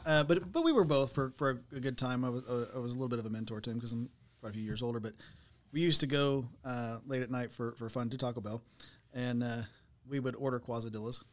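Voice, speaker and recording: A man's voice: mid-range voice, fast talker. A man hosting a casual talk show, easygoing and teasing as he tells stories. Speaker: host. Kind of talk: casual chat.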